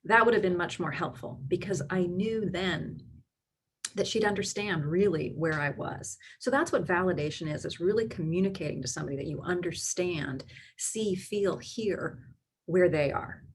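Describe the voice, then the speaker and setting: A woman's voice: fairly low pitch, normal speed, slight background noise. A middle-aged woman, a clinical psychologist, giving an educational talk to parents and explaining her points step by step. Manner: explains step by step, acting out quoted voices for examples.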